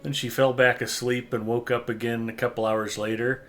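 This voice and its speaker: A man's voice: medium pitch, flat delivery, normal speed, a bit bright, slight background noise. A middle-aged man hosting a gaming livestream, chatting casually and telling wry, joking anecdotes. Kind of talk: casual chat while gaming.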